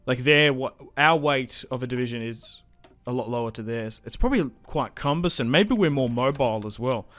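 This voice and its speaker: A young man giving casual, chatty commentary while playing a strategy game, getting excited and laughing often. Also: medium pitch, moderate pace, few pauses, dry recording. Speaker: gaming YouTuber.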